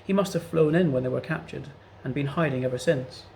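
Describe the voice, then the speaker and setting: A man reading a children's adventure book aloud in an expressive voice. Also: medium pitch, fairly quick, creaky, slight background noise, poor audio. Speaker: storyteller.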